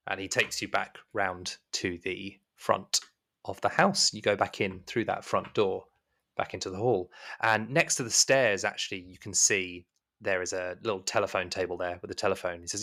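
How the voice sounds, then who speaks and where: A man's voice: sits low, fairly even intonation, moderate pace, pushed and bright. A man narrating a tabletop horror game as game master, in a rambling way full of fillers.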